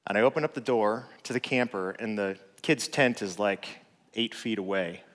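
A man, a father, telling a personal story in a relaxed, conversational way with lots of filler words. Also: on the low side, normal speed. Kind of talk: casual storytelling. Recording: long reverb.

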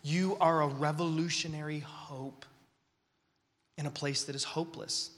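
Impassioned preacher in a big hall. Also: male voice, a little high, fairly even intonation, a little slow, slight background noise. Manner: impassioned, swinging from whispers to shouts. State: fighting the flu. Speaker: speaker at a youth gathering. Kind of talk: sermon. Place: large hall. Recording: long reverb of a large hall.

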